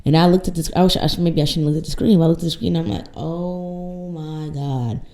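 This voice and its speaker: A woman's voice: low voice, little pitch movement, racing, darkish tone, low-quality recording. A woman in her late twenties hosting a podcast, telling a personal story in candid casual chat, blunt and swearing freely. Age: late 20s. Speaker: podcast host.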